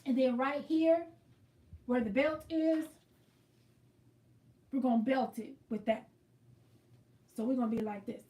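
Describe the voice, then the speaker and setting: A woman with a high, bright-sounding voice chats her way through a quilting livestream, talking viewers through each step. She sits a little away from the mic, and the room around her echoes. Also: steady tone, a little slow, pauses often, far from the mic. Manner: chatty, greets viewers by name, explains as she works. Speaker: livestream host. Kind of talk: casual livestream chat while quilting.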